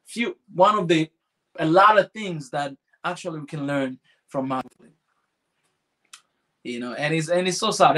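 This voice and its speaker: A man's voice: on the high side, fairly bright tone. A man hosting a podcast forum who talks fervently, repeats his points for emphasis and reads out audience questions. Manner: fervent, repetitive, emphatic restarts. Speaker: podcast host. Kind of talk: passionate forum talk, reading audience questions.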